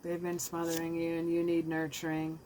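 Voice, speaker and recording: A woman's voice: lowish voice, monotone, moderate pace, dark tone, a little hiss or hum. A woman giving a casual, heartfelt tarot reading that speaks straight to the viewer. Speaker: tarot reader.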